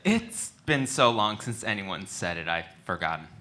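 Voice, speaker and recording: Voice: deep voice, sing-song, normal speed, pushed and bright, full character voice. A performer reading the part of an awkward, lovestruck teenage boy in a comedic table read, dry and goofy. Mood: deadpan.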